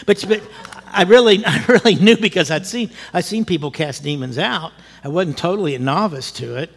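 A male pastor telling a story in a sermon, lively and animated, acting out what people said and chuckling as he goes. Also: on the high side, fairly quick, gravelly, breathy edge, in a large hall. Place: church.

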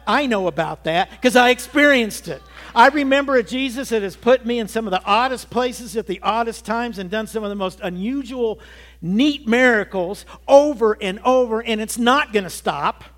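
High-voiced man in his sixties preaching. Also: a bit bright. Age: 60s. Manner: earnest testimony, swelling emphatic peaks. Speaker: pastor. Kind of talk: sermon.

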